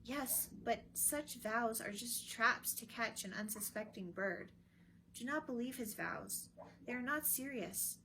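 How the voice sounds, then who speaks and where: A woman's voice: fairly high pitch, unhurried, pushed and bright, slight background noise. Woman reading as a stern old dad, preachy and commanding, storybook. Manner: lecturing, commanding. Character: stern, meddling old father, a royal adviser.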